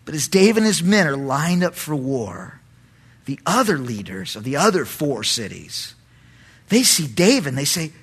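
Animated, bright-voiced male pastor. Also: moderate pace, husky. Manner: animated, jumps into high dramatic voices for characters. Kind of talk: expository sermon with acted Bible voices.

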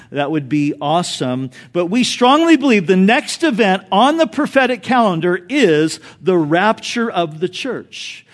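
A male pastor delivering an animated sermon, mixing teaching with a joke story. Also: high voice.

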